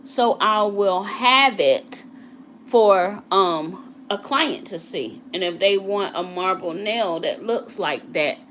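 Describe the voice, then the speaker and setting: A woman's voice: mid-range voice, fairly bright tone, a little hiss or hum. A woman, a nail technician, chatting casually with live viewers as she works. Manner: chatty, talks to live viewers while working. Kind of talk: casual live tutorial chat.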